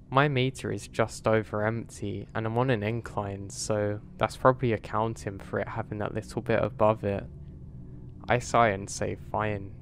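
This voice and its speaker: Low-voiced man telling a horror story. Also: slight background noise. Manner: measured, confessional storytelling. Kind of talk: first-person horror story narration.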